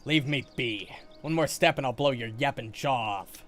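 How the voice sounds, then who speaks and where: A man's voice: mid-range voice, moderate pace, fairly bright tone, faint music behind, lightly acted. A man doing a foul-mouthed old gunner. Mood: snarling. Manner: coarse threats and profanity.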